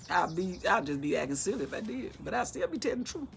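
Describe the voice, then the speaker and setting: Woman, middle-aged, gravelly voice, casual Bible teacher, talkative and folksy. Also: medium pitch, very animated, fast, hardly any pauses, a bit bright, a little hiss or hum. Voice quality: talkative, folksy, retells scripture in everyday speech. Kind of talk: casual Bible reading and commentary.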